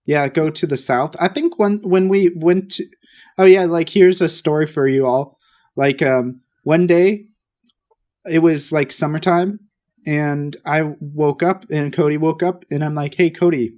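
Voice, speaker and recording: A man co-hosting a podcast, telling stories in a rambling, excitable way. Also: on the high side, a little slow. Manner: rambling, excitable storytelling with restarts. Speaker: podcast co-host. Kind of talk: casual chat.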